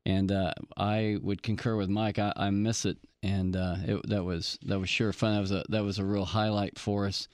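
A man's voice: on the low side, flat delivery, normal speed, few pauses, a little mellow, no room sound, clean studio sound. A man from the American South, a pastor co-hosting a radio show, who talks in an easygoing way. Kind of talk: casual radio chat.

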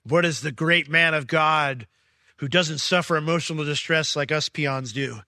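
A man preaching a sermon as pastor, reading scripture and paraphrasing it in casual slang, swinging from excited peaks to low, quiet stretches. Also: normal speed, no echo, studio quality. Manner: emphatic, rising to excited peaks then dropping low.

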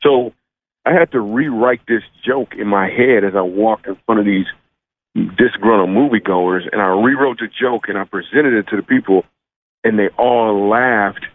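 Low-voiced comedian on a tinny phone line. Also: male voice, moderate pace. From Michigan, USA. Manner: joking, animated storyteller. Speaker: comedian guest. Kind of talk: phone-in radio interview.

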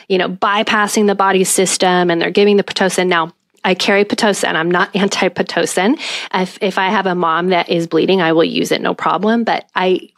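A woman's voice: fairly low pitch, dry recording, studio quality. A woman who works as a home birth midwife, speaking earnestly and passionately as a podcast guest, sometimes dropping to a whisper for emphasis. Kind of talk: podcast interview.

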